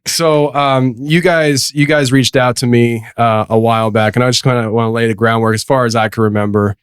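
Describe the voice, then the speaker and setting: A man's voice: mid-range voice, steady tone, fairly quick, clean tone, no echo. A man hosting a casual podcast in a studio, rambling and joking at himself as he talks with guests. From East Tennessee. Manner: rambling, self-mocking, laughs often. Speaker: podcast host.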